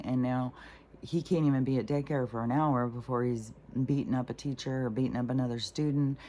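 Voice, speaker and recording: A woman's voice: very deep voice, a little mellow. A middle-aged woman talking casually and bluntly, rambling with lots of fillers and swearing. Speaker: spiritual vlogger.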